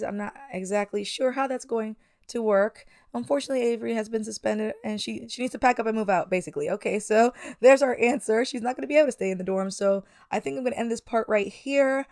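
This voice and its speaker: A woman's voice: on the high side, fast talker, a little mellow, no echo, clean studio sound. A woman hosting a let's play, chatting through a life-sim game with frequent fillers. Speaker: gaming channel host.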